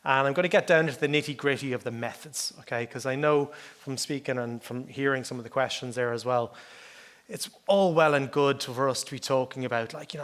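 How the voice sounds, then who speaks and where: A man's voice: medium pitch, fairly bright tone. A middle-aged Irish man giving a conference talk in a conversational way, often checking in with "okay?". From Ireland. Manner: conversational, chatty, often adds "okay?" and "like, you know". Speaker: conference speaker.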